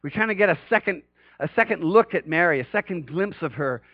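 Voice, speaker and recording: A male pastor preaches with animated swells, his voice pushing higher and louder to stress a point. His voice sits a little high for a man. The recording is dry and a bit dull, with no room echo. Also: a little fast. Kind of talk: sermon.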